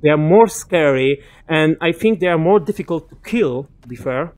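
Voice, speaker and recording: A man's voice: a little high, expressive, moderate pace, darkish tone. A young man giving casual let's-play commentary, chatting to enemies and muttering asides to himself. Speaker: gaming commentator.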